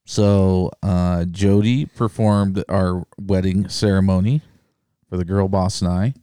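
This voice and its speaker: A man's voice: low-pitched, fairly even intonation, takes it slowly, dark tone, smooth, dry recording, studio quality. A man co-hosting a podcast, chatting casually in a rambling, jokey way with many restarts. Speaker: podcast co-host. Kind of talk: casual chat.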